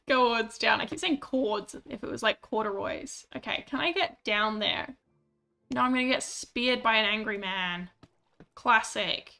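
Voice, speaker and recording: Bright, chatty woman streamer. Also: on the high side, measured pace, creaky, faint music behind. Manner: chatty, self-mocking, swears when annoyed. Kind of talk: casual gameplay chat.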